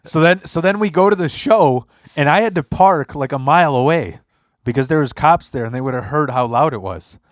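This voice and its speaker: A young man tells stories on a podcast in casual, profane chat, jumping into voices whenever he quotes someone. His delivery is lively and animated. The sound is dry and close to the mic. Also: on the high side, brisk, no echo. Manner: animated storyteller, acts out quotes, swears a lot. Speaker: podcast host.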